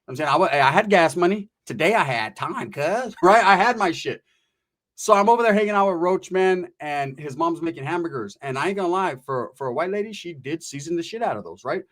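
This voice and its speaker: A man's voice: on the high side, animated, brisk, fairly bright tone. A middle-aged man from California telling a rambling, profane story in streetwise slang. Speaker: storyteller guest. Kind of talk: casual anecdote telling.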